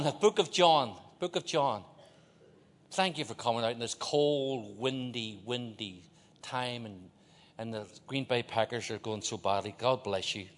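A man's voice: medium pitch, fairly bright tone. A man from Ireland preaching a sermon as a guest in a large church, joking with the crowd and leading call-and-response. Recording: long hall reverb.

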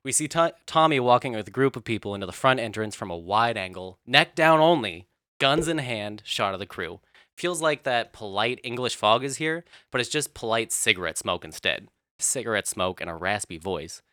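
A man's voice: fairly low pitch, expressive, moderate pace, bright, forceful tone, no room sound, studio quality. A man hosting a comedic, profane recap of a TV show, laughing often. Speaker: host.

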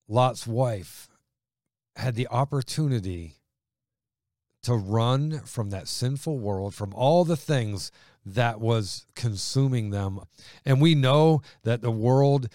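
A man preaching a sermon with fervent emphasis, his delivery rising loud and dropping quiet. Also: mid-range voice, no echo, clean studio sound.

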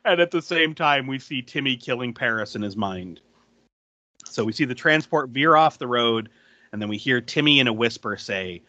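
A man hosts a podcast and walks through a film's plot in loose, chatty talk, swearing casually and laughing often. His voice is bright and forward. The recording is dry and a little dull and lo-fi. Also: mid-range voice, expressive, moderate pace, no room sound. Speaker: podcast host recapping a movie. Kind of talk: casual chat.

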